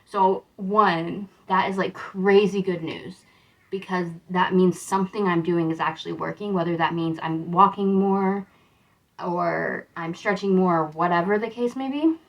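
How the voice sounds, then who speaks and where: With a lowish voice and an unhurried pace, a young American vlogger rambles cheerfully despite sounding tired. The sound is lo-fi.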